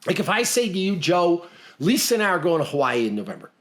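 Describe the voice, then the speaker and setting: A man's voice: high-pitched, big pitch swings, fast, a bit bright. A middle-aged man from Canada co-hosting a podcast, talking bluntly and emphatically in casual motivational chat, often repeating himself. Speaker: podcast co-host.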